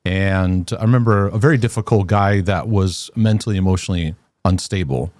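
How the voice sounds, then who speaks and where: A man hosting a casual live stream who speaks in a halting, laid-back way and often repeats his words. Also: low-pitched, a little mellow, no room sound. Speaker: host.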